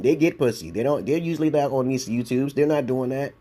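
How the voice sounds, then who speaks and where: With a medium-pitched, warm voice, this fortysomething YouTube commentator from Brooklyn speaks briskly with hardly any pauses. He delivers a blunt, rambling response-video rant in a New York accent, peppered with swearing and "okay?".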